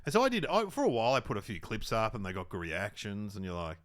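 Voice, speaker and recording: A man's voice: lowish voice, wildly swooping pitch, quick pace, a bit bright. Rambling Australian man in his fifties. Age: 50s. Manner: rambling, anecdotal, many fillers and restarts. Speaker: guest comedian. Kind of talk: casual chat.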